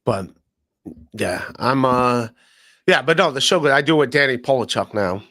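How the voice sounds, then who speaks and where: Expressive and sharp-toned, this male podcast host's mid-range voice moves at normal speed through a casual, comedic conversation. He wanders into asides and uses plenty of fillers. The sound is dry and clean, studio-grade.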